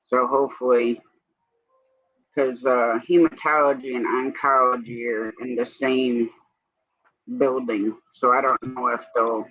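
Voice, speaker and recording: A man's voice: medium pitch, level tone, measured pace, faint music behind. A man hosting a livestream, chatting casually and rambling from one everyday topic to the next. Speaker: livestream host. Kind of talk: casual evening chat. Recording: dull lo-fi stream audio.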